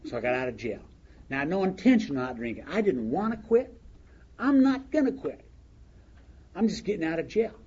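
A man telling his story to an audience in a wry, animated way, laughing along as he goes. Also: a little high, a little fast, pauses often, slightly rough, dull audio. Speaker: speaker sharing his recovery story.

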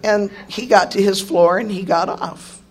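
A middle-aged woman speaks to a roomful of people at a recovery meeting, her voice worn and hoarse. She is frank and self-mocking, breaking into laughter and the odd curse as she tells her story. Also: medium pitch, fairly even intonation, a little slow. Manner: candid, joking, laughs often, swears. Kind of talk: personal recovery testimony. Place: meeting room with an audience.

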